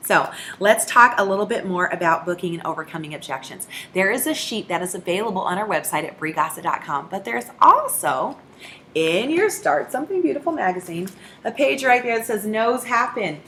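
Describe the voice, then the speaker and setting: A woman giving a sales training talk, acting out both sides of phone calls in a lively way. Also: medium pitch, a little hiss or hum.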